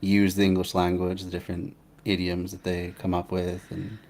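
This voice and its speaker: A man with a very low voice hosts a casual conversation. He talks in a relaxed, hesitant way and often restarts his sentences. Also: normal speed, a little hiss or hum. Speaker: host. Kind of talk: casual chat.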